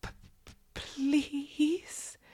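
A woman's voice: high-pitched, level tone, slow pace, darkish tone, voice pushed up. A woman voicing a timid young woman who begs in hesitant, stammering whispers, in a whispered role-play. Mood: pleading.

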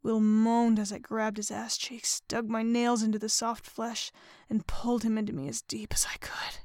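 Woman, erotic story narrator, breathy whispers, high-ish voice, dry close sound. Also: little pitch movement, moderate pace, hardly any pauses, darkish tone, dry recording. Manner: breathy, often whispered, panting delivery. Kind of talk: first-person erotic audio story reading.

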